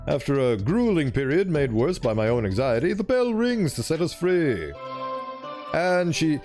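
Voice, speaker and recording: Chatty streamer guy reading a game out loud, bouncy pitch, faint music behind. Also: big pitch swings, unhurried. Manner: playful, chatty, self-interrupting. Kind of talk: let's play with reading aloud.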